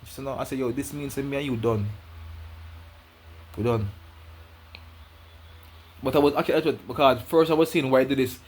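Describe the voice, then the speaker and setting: A man's voice: mid-range voice, fairly even intonation, fairly quick, pauses often, darkish tone, breathy edge. A man with a Jamaican accent telling a personal story in patois, rambling and repeating himself as he goes.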